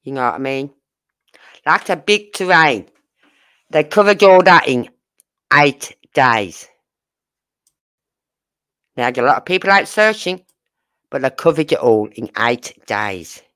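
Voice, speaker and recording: A true crime host talks through a case in a casual, unhurried way, taking each point slowly. The delivery is sarcastic and full of rhetorical questions, with blunt, crude slang. The voice sits at a middling pitch. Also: expressive, bright, forceful tone.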